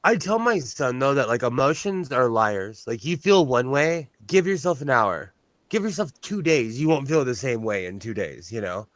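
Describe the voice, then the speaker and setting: A man's voice: mid-range voice, sing-song, moderate pace, no echo. A man chatting casually on a show, blunt and talkative with a self-deprecating streak. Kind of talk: casual chat. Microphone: on-camera mic.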